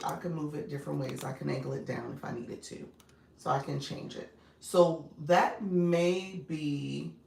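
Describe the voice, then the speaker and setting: A woman with a Chicago accent coaches viewers on a casual livestream, chatty and quick to laugh. Her voice sits low and carries some gravel. The sound is roomy and a bit distant from the mic. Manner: chatty, greets viewers by name, laughs often. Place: home setup with phone on a stand. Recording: echoey room, mic at a distance, faint noise.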